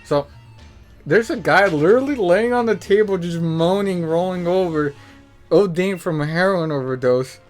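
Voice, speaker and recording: A man hosting a podcast, telling stories in a profane, animated way and acting out the people he quotes. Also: high voice, moderate pace, soft background music. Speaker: podcast host. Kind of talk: casual storytelling.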